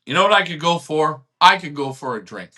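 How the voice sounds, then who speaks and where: Heated male live-stream host, ranting and cursing, lively swooping pitch, bright tone. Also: a little fast. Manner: ranting, swearing, animated, swings loud to quiet. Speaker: host of a live online pigeon club show.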